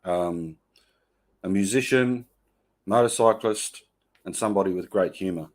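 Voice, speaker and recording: An Australian man hosting a casual livestream, greeting viewers one by one in a relaxed, matey way. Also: sits low, unhurried. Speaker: host.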